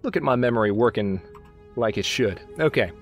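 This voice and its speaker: A man's voice: mid-range voice, animated, fairly quick, soft background music. A man casually commenting on his strategy game as he plays, chatting to his own units and joking at himself. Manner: chatty, talks to his units, self-mocking asides. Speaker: let's play host.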